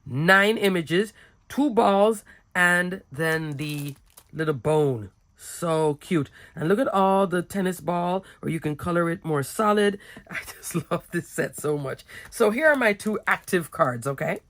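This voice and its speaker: A woman with a raspy, slightly sick voice, casually showing her handmade cards with goofy giggles. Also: on the low side, expressive, unhurried, fairly bright tone. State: a little sick, hoarse. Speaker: card-making crafter. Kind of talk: casual craft tutorial chat.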